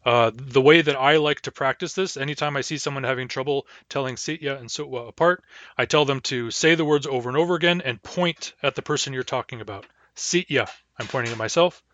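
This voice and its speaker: A man's voice: mid-range voice, quick pace, fairly bright tone, no echo. A man teaching a language, giving a pronunciation lecture and saying each example word twice as a model. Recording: dull, lo-fi dry recording.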